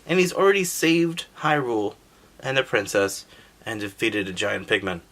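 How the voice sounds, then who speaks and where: A man with a lowish voice, speaking at normal speed, hosts a gaming history channel. He gives a casual, sarcastic recap of an old video game story, animated and joking, swearing as he goes.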